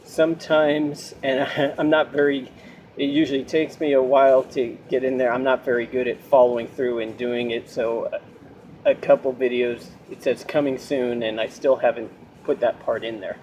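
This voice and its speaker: Halting, mellow American guy. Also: medium pitch, little pitch movement, muffled recording, a little hiss or hum. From United States. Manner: hesitant, many ums and restarts, explaining. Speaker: language learner vlogger. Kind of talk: casual talking-head vlog.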